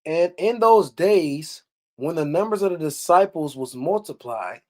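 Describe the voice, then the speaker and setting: A man's voice: a little high, lively intonation, measured pace, darkish tone. A man teaching scripture in a blunt, preachy way, who reads verses aloud, explains them with rhetorical questions and scolds his listeners. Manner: blunt and scolding, with mild swearing. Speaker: bible teacher.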